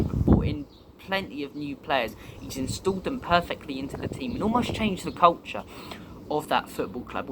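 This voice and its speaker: A man's voice: medium pitch, noisy background. A young man from the UK hosting a football fan channel, giving chatty, opinionated commentary and drifting off topic at times. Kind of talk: casual fan commentary to camera.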